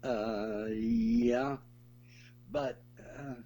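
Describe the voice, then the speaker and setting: An older man, a guest in a conversational interview, telling stories in an animated way and laughing as he goes. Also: medium pitch, drawn-out words, creaky. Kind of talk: conversational storytelling.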